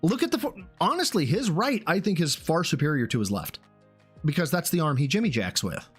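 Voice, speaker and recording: Animated, swearing male stream host. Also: a little high, fairly quick, breathy edge, soft background music. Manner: ranting, profane, animated. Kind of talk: live reaction commentary.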